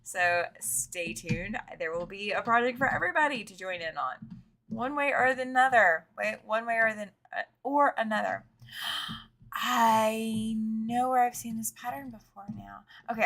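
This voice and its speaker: A woman's voice: a little high, expressive, normal speed, gravelly, pushed and bright. A woman hosting a live quilting show, chatting casually, reading out viewer comments and laughing easily, often trailing off and repeating herself. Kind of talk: casual live-stream chat.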